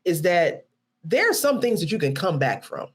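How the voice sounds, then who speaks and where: A woman's voice: fairly low pitch, very animated, moderate pace. A woman guest on a podcast, speaking in an outspoken, emphatic way and swearing freely. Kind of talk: casual chat.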